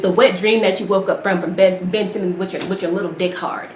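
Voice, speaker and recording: A woman's voice: fairly low pitch, fairly even intonation, a little fast, few pauses. A woman vlogger delivering a heated, profane rant, firing off rhetorical questions. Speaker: vlogger ranting about basketball. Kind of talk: profane angry rant to camera. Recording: roomy echo with faint noise.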